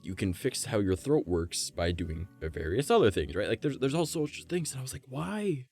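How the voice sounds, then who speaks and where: A man with a raspy voice chatting casually on a live stream, swearing freely and demonstrating how his voice moves between low and high. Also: big pitch swings, moderate pace, a little mellow, soft background music.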